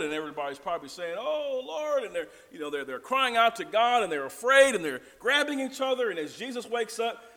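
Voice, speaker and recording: Lively high-voiced preacher in church. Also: male voice. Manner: conversational, animated storytelling with chuckles. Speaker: pastor. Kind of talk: sermon. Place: church sanctuary. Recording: long church reverb.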